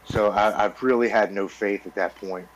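A man's voice: on the low side, steady tone, normal speed, a little hiss or hum, poor audio. A man in his forties, a podcast guest, earnestly telling his recovery story in a blunt, swearing, casual way.

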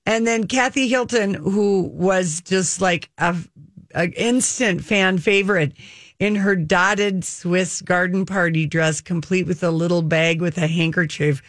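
A woman co-hosting a casual chat, gossiping in a blunt, animated way. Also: lowish voice, a little slow, dry recording, studio quality. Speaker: podcast co-host.

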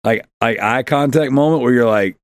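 A man's voice: medium pitch, moderate pace, no echo, clean studio sound. A man hosting a casual gaming podcast, joking around, giggling often and reading out listener questions. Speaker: podcast host.

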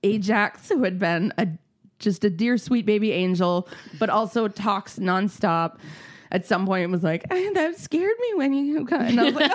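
A woman in casual chat, telling a story with lively acted-out quotes and frequent swearing. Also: medium pitch, unhurried. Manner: animated storytelling, acts out quotes, swears freely.

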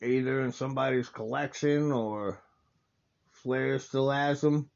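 A man hosts a casual watch-along and talks through the matches, rambling and enthusiastic, often circling back with fillers and restarts. His voice has a gravelly, fry-laden texture, and the recording sounds a little dull and lo-fi. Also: mid-range voice, fairly even intonation, a little slow.

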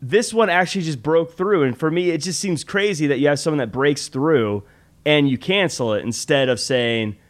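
A man on a podcast walks through his argument step by step, analytical and a little self-deprecating. His voice sits a touch higher than average. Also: normal speed. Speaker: podcast co-host. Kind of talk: casual podcast chat.

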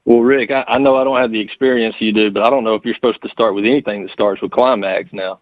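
A man's voice: lowish voice, fairly even intonation, quick pace, dry recording. A man calling in to a radio show, talking in a hesitant, good-humored way. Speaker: caller. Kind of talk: casual call-in chat. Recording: phone line.

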